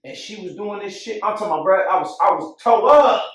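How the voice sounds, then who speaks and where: A man telling a personal story in a candid barbershop conversation, swinging from hushed to loud. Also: sits high, lively intonation, fast. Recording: echoey room, mic far off.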